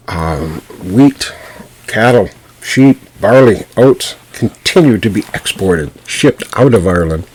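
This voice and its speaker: A man hosting his own podcast, talking through a history lesson at an unhurried pace with frequent pauses and restarts. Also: low voice, husky. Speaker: storyteller and podcast host. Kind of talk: solo podcast history talk. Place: home.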